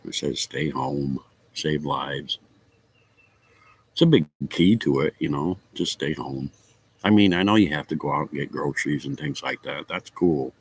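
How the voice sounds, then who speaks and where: A man with a very low, husky voice chats casually with viewers of his stream. He laughs often and swears freely. The sound is dry and close. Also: a little slow, dry recording. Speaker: livestream host chatting with viewers. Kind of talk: casual chat.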